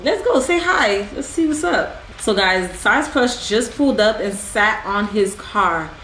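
A woman's voice: medium pitch, unhurried, slight background noise. Woman doing playful game commentary, voice bouncing all over, echoey room. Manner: playful, animated, teasing coach. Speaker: gaming channel host. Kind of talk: casual gameplay commentary.

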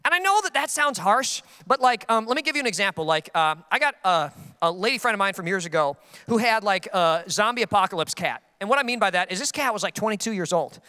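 A man's voice: high-pitched, lively intonation, quick pace, pushed and bright, clean tone, long reverb tail. A man preaching a casual, joking sermon as a pastor, poking fun at himself. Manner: casual, joking, self-deprecating.

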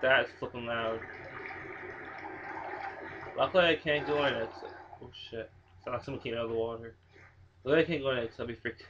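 A man's voice: medium pitch, a little fast, pauses often, noisy background. A young man hosting a horror game playthrough, jumpy and nervous, swearing a lot and laughing nervously. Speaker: gaming channel host. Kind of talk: horror game let's play commentary. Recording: dull lo-fi home mic.

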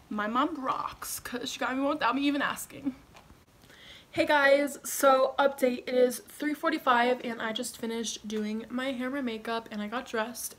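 A young woman chatting to camera in a casual vlog, bubbly and gushing, giggling often. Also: fairly high pitch. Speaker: vlogger.

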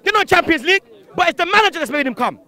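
High-voiced young man ranting angrily. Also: very animated, racing, pushed and bright, a faint crowd. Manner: heated, swearing, slang-heavy, rhetorical questions. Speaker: fan interviewee. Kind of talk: angry post-match fan rant. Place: outdoors on a city street after a match.

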